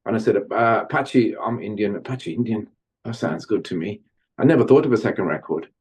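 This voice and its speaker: A middle-aged man from Birmingham, England, guesting on an interview podcast and telling stories from his music career in an animated way. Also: on the low side, a little fast, slightly rough. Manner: animated storyteller, slips into Jamaican-style patois when chanting. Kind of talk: storytelling interview.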